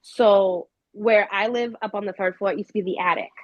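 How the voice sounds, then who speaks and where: A woman telling her paranormal investigation experiences in a casual, animated way, with many fillers. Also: mid-range voice, a little fast, no room sound, dull audio. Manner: animated, acts out quoted voices with many fillers. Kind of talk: casual storytelling.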